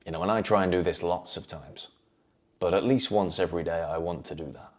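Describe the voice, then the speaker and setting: Low-pitched male host, earnest motivational talk, measured delivery. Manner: earnest, measured, repeats phrases for emphasis. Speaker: self-improvement video host.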